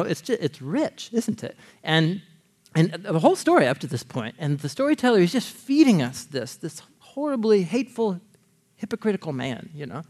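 Man, preacher, animated sermon, high voice, lively pitch, laughs a lot, acts out quotes. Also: husky. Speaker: preacher teaching a Bible story.

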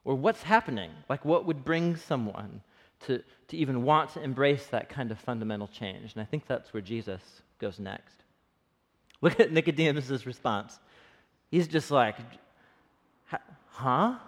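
A pastor with a Texan accent preaching a sermon in a conversational, earnest way that is often broken up by laughs. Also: male voice, mid-range voice, expressive, normal speed. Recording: long hall reverb.

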